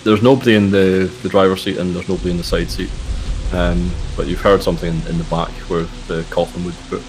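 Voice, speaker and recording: Man, game master, low voice, hesitant narration, faint music behind. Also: fast talker, rough recording. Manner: relaxed, hesitant with frequent uhs. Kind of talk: narrating a tabletop horror game.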